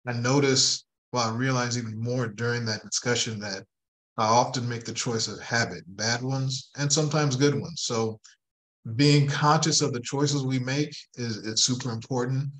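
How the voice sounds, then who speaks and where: A man in a team meeting, sharing his reflections in a thoughtful, measured, slightly halting way. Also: medium pitch, fairly bright tone, rough recording. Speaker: team member. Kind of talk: casual group discussion.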